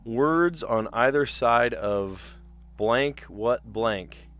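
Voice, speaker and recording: A man's voice: mid-range voice, very slow, fairly bright tone, smooth, soft background music. A man from South Jersey hosting a livestream, chatting casually and thinking aloud as he works through word puzzles, often second-guessing himself.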